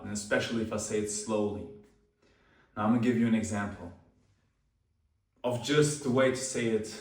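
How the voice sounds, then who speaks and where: A man with a low voice speaks slowly and calmly, leaving deliberate pauses between phrases as he hosts a self-improvement talk. He sits a little back from the mic, and the room gives his voice a noticeable echo. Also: far from the mic. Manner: slow, calm, pausing deliberately. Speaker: self-improvement video host. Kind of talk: slow deliberate talk to camera.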